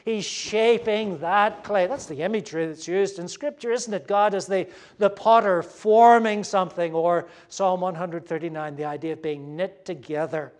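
Man, preacher, fairly high voice, earnest sermon, emphatic then hushed. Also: moderate pace, few pauses. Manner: earnest and emphatic, swinging between loud stresses and hushed asides. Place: room with a gathered audience.

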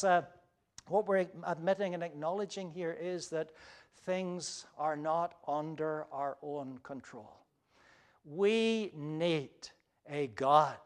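A man preaching a sermon, earnest, building to emphatic peaks and dropping to soft quiet quotations. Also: on the high side, smooth. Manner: earnest, with swelling emphasis and soft hushed quotes. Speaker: pastor.

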